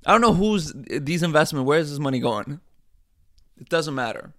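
A man with a somewhat high voice hosts a casual comedy podcast. He rants in a loose, rambling way, swears freely and often breaks off to restart a thought. His delivery is animated, swinging from loud bursts to low mutters. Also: normal speed. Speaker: podcast host.

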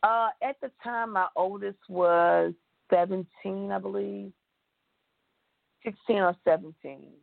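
A woman's voice: mid-range voice, steady tone, slow pace, gravelly, dry recording. A woman with a Texan accent, an interview guest, telling her story with feeling and acted-out quotes. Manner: emotional, tells it with acted-out quotes. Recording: tinny phone line.

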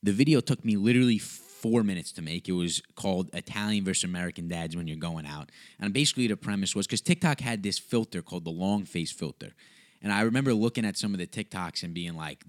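A man's voice: low voice, fast talker. A young man hosting a podcast, telling a story in a rambling, casual way, with tangents and swearing. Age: young adult. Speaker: podcast host.

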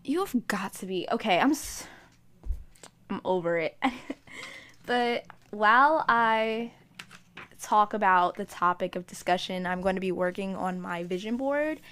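A woman's voice: mid-range voice, a little slow, pauses often, a bit bright, clear, resonant tone. A woman vlogger talking in a rambling, chatty, self-mocking way. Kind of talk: casual vlog chat.

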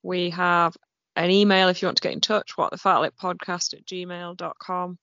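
A woman co-hosting a podcast, briskly listing where to find the show. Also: fairly low pitch, little pitch movement, a bit bright, no room sound, highs cut off. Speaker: podcast co-host. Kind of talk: casual podcast chat.

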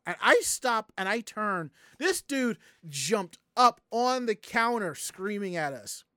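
A streamer from the Southern United States telling a story to chat in a casual, animated, profane way, acting out the people in it. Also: mid-range voice, slow pace, hardly any pauses, no echo, clean studio sound.

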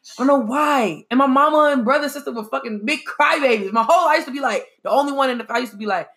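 A woman in her twenties talking in an animated, profane, emphatic way in a casual chat. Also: sits high, racing. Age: 20s.

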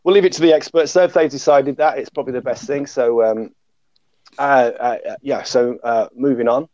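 A man's voice: medium pitch, brisk, dark tone, no room sound. Casting: male host, chatty panel podcast, dry close lo-fi sound, rambling and self-mocking. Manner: self-deprecating, many fillers and restarts. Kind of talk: casual hosted panel chat.

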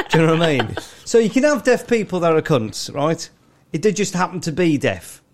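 A man in his thirties co-hosts a podcast, trading crude anecdotes in casual banter, swearing freely and acting out customers with grunting impressions. His voice is fairly high with lively intonation at a moderate pace, and there's a little hiss or hum.

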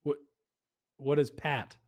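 A man's voice: fairly high pitch, little pitch movement, takes it slowly. An American man co-hosting a podcast, quizzical and eager, laughing often. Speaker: podcast co-host. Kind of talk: casual comedic chat.

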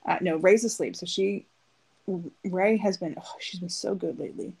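A woman's voice: lowish voice, normal speed, vocal fry, a little mellow, breathy edge, poor audio. A woman in her thirties, a podcast co-host telling a long story in casual chat and acting out the quotes. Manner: chatty storytelling, acts out quotes.

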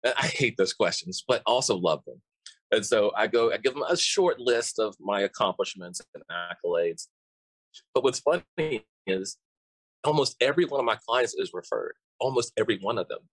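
A man's voice: lowish voice, lively intonation, normal speed, fairly bright tone, slightly rough, dry recording. A man who works as a coach, chatting casually and talkatively, often restarting and repeating words. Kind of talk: casual podcast conversation.

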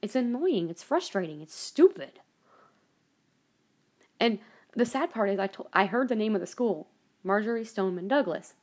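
A woman's voice: mid-range voice, lively intonation, normal speed, long pauses, a little mellow. A woman hosting a personal monologue podcast, ranting angrily and swearing heavily, with many restarts and trailing asides. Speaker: podcast host.

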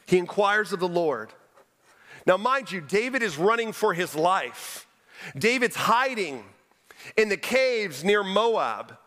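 A man preaching a sermon as pastor, earnestly questioning his congregation and dropping low and quiet for emphasis. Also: animated, takes it slowly. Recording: long reverb of a large hall.

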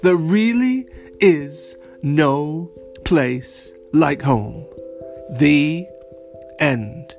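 A man narrating a children's story, animated and playful, speaking straight to young listeners. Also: a little high, extremely slow, vocal fry, faint music behind.

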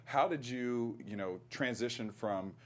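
A man's voice: mid-range voice, unhurried. A man interviewing a guest in a playful, teasing way, full of "you know". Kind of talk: casual interview.

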